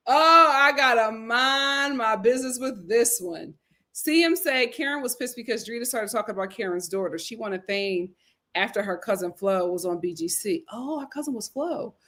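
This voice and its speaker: A young woman hosting a live recap stream, chatting casually, reading viewer comments, laughing often and swinging between loud outbursts and murmured asides. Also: medium pitch. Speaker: live recap show host.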